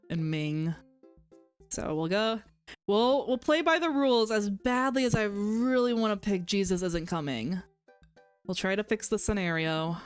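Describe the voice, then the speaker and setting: A woman's voice: fairly low pitch, clear, resonant tone. A woman streaming a game live, reading the dialogue aloud and breaking into giggly asides. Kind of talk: live game let's play commentary.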